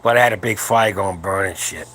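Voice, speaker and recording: A man's voice: low voice, a little fast, a bit bright, a little hiss or hum. A man in his seventies hosting a late-night livestream for his powerlifting channel, talking in a crude, rambling, joking way from home while his wife sleeps nearby. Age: 70s.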